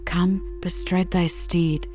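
A grand old knight full of archaic pronouncements, voiced gently by a woman. The tone is low and mellow, a soft bedtime reading. The recording is a little dull, with faint music underneath. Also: level tone, slow. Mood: lofty, stern. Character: indignant old male knight, lofty and stern.

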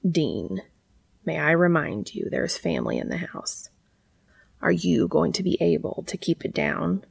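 A woman voicing a calm, patient man who speaks low, hushed and deliberate. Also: vocal fry, breathy edge, no echo, full character voice. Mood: commanding.

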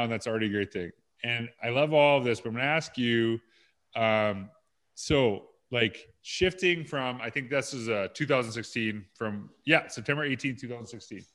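A man hosting an education podcast, relaxed and conversational as he asks questions and reads quotes aloud. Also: mid-range voice. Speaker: podcast host. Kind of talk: casual interview talk.

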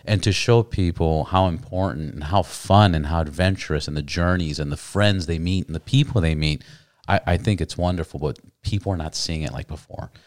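A man's voice: sits low, a little fast, a little mellow, no echo, studio quality. A man hosting a casual motorcycle podcast chat, rambling and repeating words as he starts his thoughts. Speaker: podcast host.

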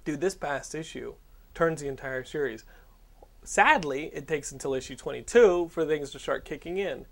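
A man hosting a casual comedic chat, animated, jokey and profane. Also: a little high, moderate pace, vocal fry.

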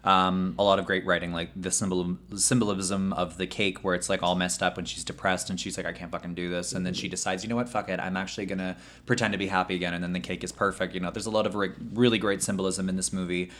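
A man's voice: deep voice, level tone, fast talker, few pauses, a bit bright, slight background noise. A man hosting a podcast, chatting casually and filling his talk with "like" and "um.". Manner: chatty, lots of likes and ums. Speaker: podcast host. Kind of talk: casual chat.

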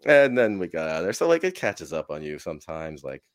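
Deep-voiced guy rambling through party stories, swears a ton, keeps laughing. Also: big pitch swings, a little fast. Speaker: podcast guest. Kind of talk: casual storytelling.

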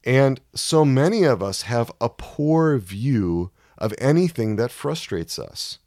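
A man giving a sermon-style Bible teaching, emphatic and measured, reading scripture and explaining it. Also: medium pitch, lively intonation, a little mellow, no room sound, studio quality. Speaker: Christian teacher.

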